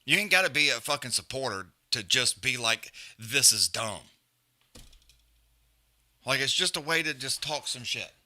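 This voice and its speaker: Brash, foul-mouthed streamer, bright sharp voice, rambling and repetitive. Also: male voice, medium pitch, expressive, a little fast, few pauses. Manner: profane, blunt, rambling, repeats himself. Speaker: fight companion stream host. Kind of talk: profane casual rant and live fight commentary.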